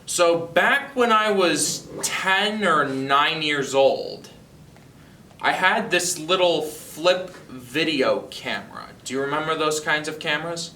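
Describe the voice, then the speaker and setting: A seventeen-year-old young man from North Carolina tells a personal story, halting and amused, with frequent restarts. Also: fairly high pitch, lively intonation, sharp tone, reverberant, distant mic, slight background noise. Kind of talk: personal anecdote told to camera.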